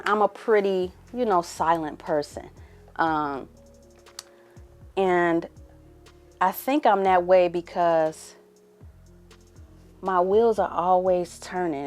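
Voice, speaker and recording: A young adult woman hosts her podcast and talks openly to the camera in a low-pitched voice. She keeps it casual and at times drops to a near whisper. Faint music sits behind her. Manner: candid, conversational, drifts into hushed murmurs. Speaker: podcast host. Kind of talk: casual emotional monologue to camera.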